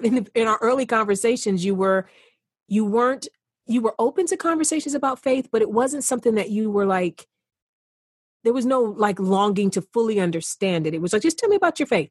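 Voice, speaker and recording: A woman's voice: on the high side, darkish tone, no echo. Woman guest, affectionate, chatty with restarts; dry, close, unroomy sound. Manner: affectionate, calls him honey. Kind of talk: casual heartfelt conversation.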